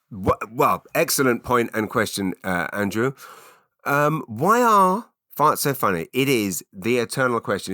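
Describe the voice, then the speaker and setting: A man's voice: on the low side, bright, forceful tone, no echo, clean studio sound. A middle-aged man, hosting a rambling solo podcast, full of fillers and restarts. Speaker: podcast host. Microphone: studio mic.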